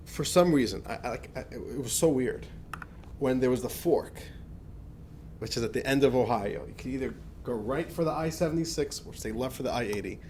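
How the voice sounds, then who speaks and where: A man, a rabbi, tells a personal anecdote to a class in a lively, conversational way, restarting phrases as he goes. His voice sits at an ordinary pitch for a man. A faint low rumble runs under the recording. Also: brisk. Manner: animated anecdotal storytelling with many restarts. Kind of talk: storytelling lecture.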